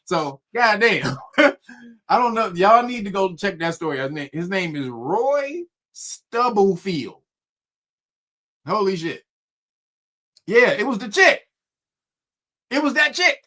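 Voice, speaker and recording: A man's voice: sits high, takes it slowly, long pauses. A man casually telling a spooky story, cursing freely and laughing often. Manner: profane, laughing often, animated.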